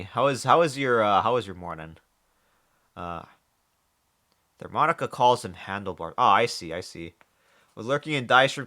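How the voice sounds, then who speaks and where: A man's voice: on the low side, bright, forceful tone. A man live-streaming, chatting casually with viewers, joking, swearing and often restarting his sentences. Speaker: livestreamer reading chat.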